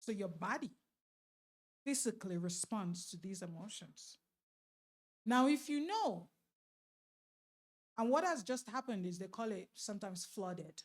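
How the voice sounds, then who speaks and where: A woman gives a church marriage seminar talk in an even, mid-range voice. She is lively and laughs often. She keeps putting questions straight to the audience. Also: medium pitch, unhurried, long pauses. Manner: laughs often while talking.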